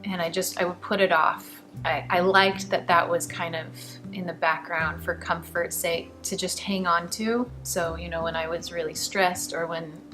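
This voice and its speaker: A middle-aged woman earnestly telling her personal faith testimony, emotional at times and laughing softly between thoughts. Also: on the low side, steady tone, moderate pace. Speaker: guest sharing a faith testimony. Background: background music.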